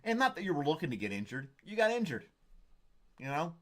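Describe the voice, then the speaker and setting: A man's voice: on the high side, sing-song, brisk, a bit bright. A man hosting a casual live stream, rambling and joking as he reads viewer comments. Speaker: host.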